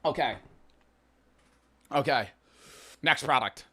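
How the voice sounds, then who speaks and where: A young man on a livestream swears through a rambling, exasperated running commentary. His bright, forceful voice sits a little high and swings widely in pitch. He keeps reacting to the lingering heat of spicy food. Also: lively intonation, a little slow, no room sound. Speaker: streamer. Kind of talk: casual livestream chat.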